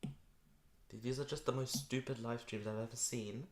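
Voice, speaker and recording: A man's voice: medium pitch, steady tone, a little slow. A man chatting casually on a live stream while he draws, rambling and poking fun at himself. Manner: rambling, self-mocking, repeats words playfully. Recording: echoey room, faint noise.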